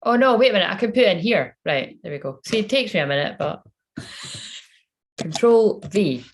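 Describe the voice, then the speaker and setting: A woman's voice: mid-range voice, expressive, quick pace. A woman giving a casual live-stream reading. She chats in a self-mocking way, swears freely, and mutters to herself while she fiddles with her phone. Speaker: psychic tarot reader live-streaming.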